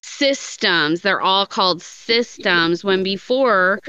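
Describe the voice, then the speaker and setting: A woman's voice: medium pitch, takes it slowly, sharp tone, clean tone, dry recording. A woman co-hosting a podcast in casual chat, with chatty, reactive interjections, in dry, slightly muffled audio. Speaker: podcast co-host.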